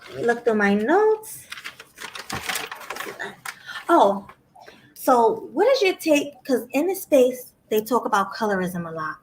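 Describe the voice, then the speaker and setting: A woman hosting a casual interview, chatty and quick to jump in with her own stories. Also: a little high, sing-song, noisy background. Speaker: interview host.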